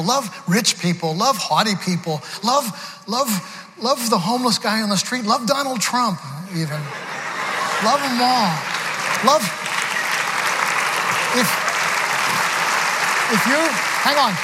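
A man's voice: high-pitched, sharp tone. A man preaching a sermon, telling stories with laughter and frequent restarts. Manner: storytelling with laughs, many restarts. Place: large church hall. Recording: reverberant hall with crowd noise.

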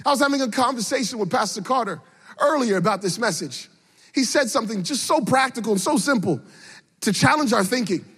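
A middle-aged man preaching a sermon, repeating phrases for emphasis and rising from quiet storytelling into fervent, near-sung exhortation. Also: very high voice, animated, fairly quick, slightly rough. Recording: long hall reverb.

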